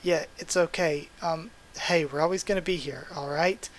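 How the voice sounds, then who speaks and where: A man reading the part of a kind, nervous young woman who gently reassures a friend. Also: on the high side, fairly even intonation, moderate pace, a little hiss or hum, lightly acted. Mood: soothing.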